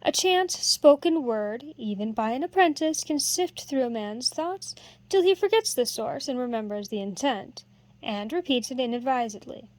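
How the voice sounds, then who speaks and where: A woman reading a novel aloud in a steady storytelling narration. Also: a little high, moderate pace, dry recording. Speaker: audiobook reader. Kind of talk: scripted narration.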